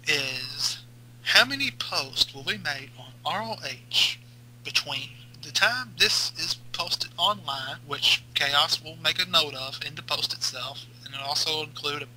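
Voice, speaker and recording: Male podcast co-host, fairly high and very bright voice, jokey, rambling, quick asides. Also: poor audio. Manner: joking, rambling, rushes through asides. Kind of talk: casual podcast chat.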